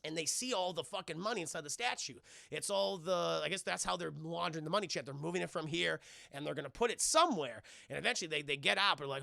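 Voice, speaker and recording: A man streaming live, recapping a movie scene by scene, animated and profane, acting out the scenes. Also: fairly high pitch, quick pace, vocal fry, no room sound, clean studio sound.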